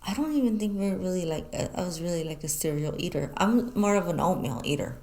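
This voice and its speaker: A woman co-hosting a talk show, telling animated stories in casual chat and swearing freely. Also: lowish voice, fast talker. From New Mexico, US. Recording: echoey room.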